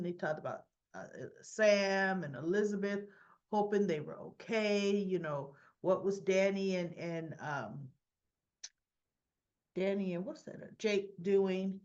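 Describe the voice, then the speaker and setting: A woman's voice: mid-range voice, dull audio. A woman chatting through a casual soap opera episode recap, acting out the characters' lines as she goes.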